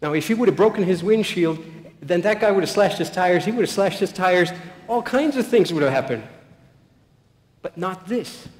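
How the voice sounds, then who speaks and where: A man giving a public talk full of stories, acting out quoted voices and dropping to a soft voice at key points. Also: high-pitched, normal speed. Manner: animated, anecdotal, acts out quotes, soft-spoken at key points. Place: large hall. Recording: echoey hall with long reverb.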